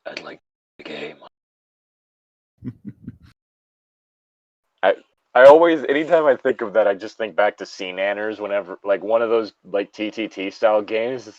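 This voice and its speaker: A man's voice: on the low side, normal speed, long pauses, no echo. A man co-hosting a podcast, chatting casually and reading a creepypasta aloud, swearing freely, laughing often and drifting into asides. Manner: profane, laughs a lot, rambling asides. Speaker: podcast co-host. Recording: slightly dull lo-fi sound.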